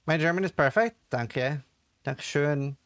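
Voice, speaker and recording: A man's voice: a little high, a little slow, a bit bright, dry recording. A man chatting casually as a streamer while playing a game, slangy and playful. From Norway. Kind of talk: casual gaming commentary.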